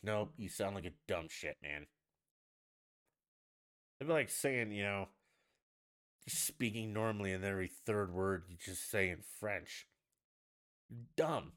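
A man's voice: lowish voice, a little slow, pauses often, a bit bright. A man hosting a casual solo podcast from the United States, ranting bluntly and swearing freely. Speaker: podcast host.

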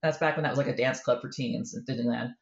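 A woman author in a casual interview, telling a lively story and acting out the voices in it. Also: a bass voice, fast, creaky, echoey room, dull audio. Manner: animated storyteller, acts out quoted voices. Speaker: author guest.

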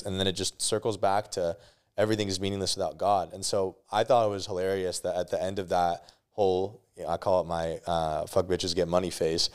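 A young man with a very low, smooth voice, sitting as a guest on a podcast. He tells a personal story in loose, candid talk. He curses freely and often trips over his own restarts. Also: level tone, fairly quick. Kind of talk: casual storytelling.

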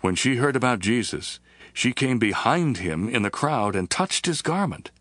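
A man doing a scripted Bible reading with a measured, even narration. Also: mid-range voice, no room sound, clean studio sound. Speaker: scripture reader.

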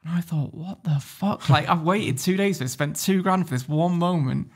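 Speaking briskly in a fairly high voice, a male entrepreneur appears as a podcast guest and tells a casual story. He's blunt, swears freely, and keeps laughing along the way.

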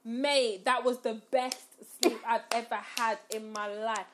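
A woman's voice: on the high side, a little slow, noisy background. A young woman telling a funny personal story in casual chat, laughing and acting out what she and others said. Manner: animated, laughing storyteller who acts out her own quotes.

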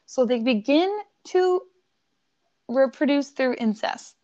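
A woman from Buffalo, New York, tells a story on a casual podcast, swearing freely and laughing often. Her voice sits fairly high. The recording is dull and lo-fi. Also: animated, slow pace, darkish tone.

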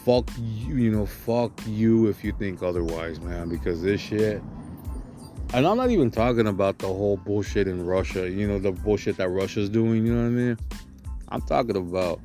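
Foul-mouthed ranting man, low voice. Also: animated, moderate pace, mellow, soft background music. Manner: aggressive, heavy swearing; filler-heavy, keeps asking "you know what I'm saying". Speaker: podcast host. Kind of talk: profane ranting monologue.

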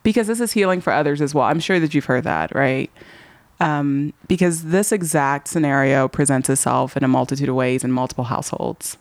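A woman hosting a podcast interview in casual chat, animated and repeating words for emphasis. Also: low-pitched, fairly quick, dry recording. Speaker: podcast host.

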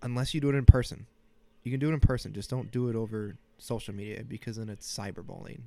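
A man in his thirties hosts a casual solo podcast from a small, cold home office, joking, rambling, and poking fun at himself. He speaks quickly in a mellow, mid-range voice, with a slight sniffle.

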